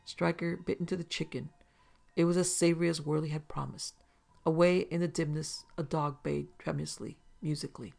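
Gravelly male audiobook narrator. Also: a little high, fairly even intonation, a little mellow. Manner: measured, descriptive storytelling.

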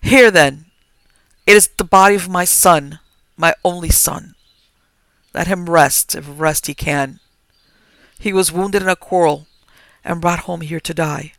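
Man reading a trembling old landlord, pleading, gravelly, higher voice. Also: unhurried, long pauses, pushed and bright, no room sound, exaggerated voice. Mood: confessing.

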